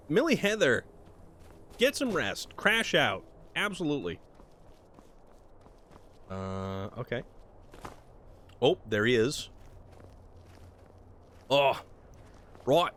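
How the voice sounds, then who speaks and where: A man streams a game and talks his way through it in a loose, chatty commentary. His pitch bounces all over the place and shoots up on excited reactions. His voice sits in a middling register. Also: a little slow, long pauses. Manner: animated, jumpy pitch with sudden high exclamations. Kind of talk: casual live gameplay commentary.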